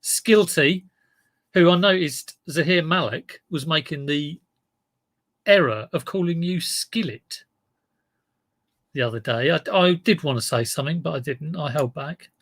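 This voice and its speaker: A chatty man runs a casual live stream from home, greeting viewers one by one and wandering off into side stories. His voice sits a little high for a man, close on a desk mic with a dry, dead sound. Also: measured pace, pauses often, a bit bright, no echo. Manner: chatty, greeting viewers by name, rambling asides. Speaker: online reseller streaming live. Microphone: desk mic in front of him.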